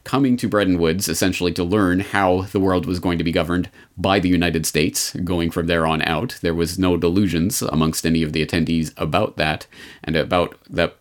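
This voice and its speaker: A man hosting a history commentary show, speaking in a measured, deliberate way with sardonic asides. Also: sits low. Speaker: podcast host.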